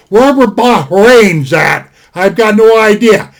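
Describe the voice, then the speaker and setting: A man's voice: very high-pitched, animated, measured pace. An older man giving a casual sit-down knife review at his desk on a webcam, rambling and folksy, repeating himself and spelling out words. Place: indoors at a desk.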